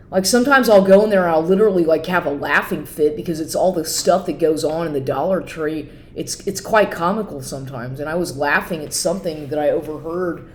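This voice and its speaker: A woman's voice: fairly low pitch, darkish tone, roomy sound, slight background noise. A woman talking casually in a rambling monologue, full of "like" fillers.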